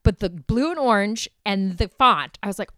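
Animated, swearing woman with a smooth voice. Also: medium pitch, moderate pace, no room sound, clean studio sound. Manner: animated, swears freely, many "like" fillers. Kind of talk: casual chat.

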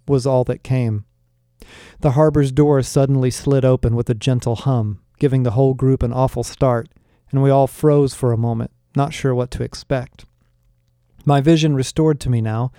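A man reading a first-person story aloud in a measured, wry storytelling manner. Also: medium pitch, steady tone, dark tone, smooth, no echo, studio quality. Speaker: narrator. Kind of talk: first-person audiobook narration.

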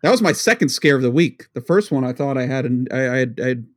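Lively intonation and a quick pace mark this medium-pitched male voice. The speaker, a father in his thirties from New England, co-hosts a relaxed podcast chat full of rambling, giggles, and stammering restarts.

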